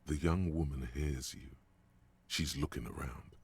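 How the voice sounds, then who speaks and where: Inner voices of a game detective speak in a rumbling bass so low it sits at the floor of the range, with a thick gravelly fry. The tone is hoarse and heavily breathy, and the delivery is slow and ominous, sometimes dropping to a whisper. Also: steady tone, darkish tone, exaggerated voice. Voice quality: deep gravelly rasp. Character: the detective's inner voices, gruff male narrator. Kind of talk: video game narration.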